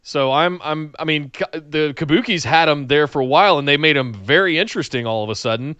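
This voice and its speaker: A man with a bright, smooth voice talking casually as a co-host, often stumbling and repeating words as he starts his points. The sound is dry and close, with no room echo. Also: a little high, a little fast, muffled recording. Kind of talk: casual wrestling chat.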